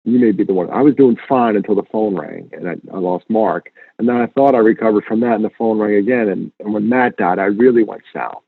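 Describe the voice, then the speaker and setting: A man with a slightly husky voice talks earnestly as an interview guest, repeating key points for emphasis. His voice comes through a thin, phone-like line. The sound is close and dry. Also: lowish voice, brisk, no echo. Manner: earnest, animated storyteller, emphatic repetition. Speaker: guest speaker. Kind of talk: conversational interview.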